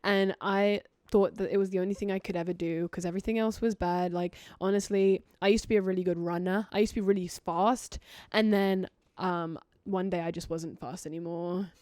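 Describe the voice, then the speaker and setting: A British woman and guest singer in casual chat, talking in a chatty, self-deprecating way with quick restarts. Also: fairly low pitch, fairly even intonation, darkish tone, no room sound.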